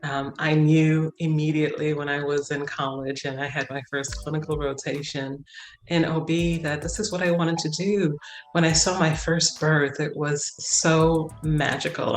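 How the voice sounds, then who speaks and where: A middle-aged woman, a nurse leader, talking earnestly and with emphasis as an interview guest, often repeating phrases to drive a point home. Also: sits low. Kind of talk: interview conversation. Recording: roomy echo, faint music.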